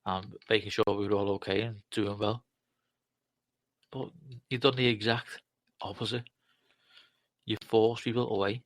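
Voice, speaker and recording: Man, lowish voice, halting speech, repeats words, dry sound. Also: no room sound. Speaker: guest. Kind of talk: emotional live talk.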